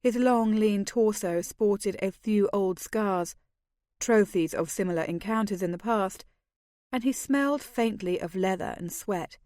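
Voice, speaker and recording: A woman reading a fantasy novel aloud in the first person, with an even storytelling delivery. Her voice is mid-pitched and the recording dry and close. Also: no room sound. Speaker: audiobook narrator. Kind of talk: first-person audiobook narration.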